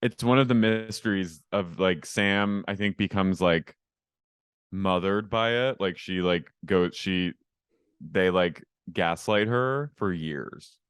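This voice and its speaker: A man's voice: low-pitched, slow pace, clean tone, dry recording, clean studio sound. A man co-hosting a podcast in casual chat, talking loosely with lots of fillers. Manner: chatty, hedging with many fillers. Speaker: podcast co-host.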